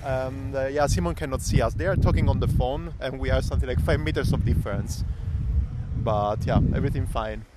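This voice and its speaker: The same cycling vlogger talks a little quickly in a mid-range voice, rambling to his camera and to himself as he rides the train and arrives at stations. Loud train noise fills the recording.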